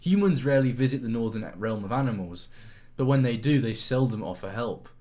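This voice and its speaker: A man's voice: mid-range voice, expressive, a little fast, warm tone. A man reading an interactive story aloud on a live stream, acting out the lines and breaking into laughter.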